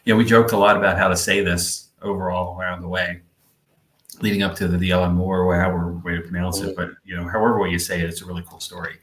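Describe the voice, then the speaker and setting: Low-voiced chatty man, roomy sound. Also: level tone, fast talker, a bit bright. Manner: meandering, chatty, frequent fillers. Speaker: podcast co-host. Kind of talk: casual podcast chat.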